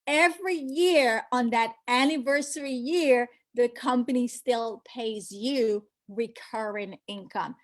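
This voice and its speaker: Middle-aged woman with a high voice; an emphatic recruiter who leans on rhetorical questions. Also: slow, hardly any pauses. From born outside the US. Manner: emphatic, repeats key phrases, asks rhetorical questions. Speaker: recruiter for a financial business. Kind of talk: motivational sales pitch.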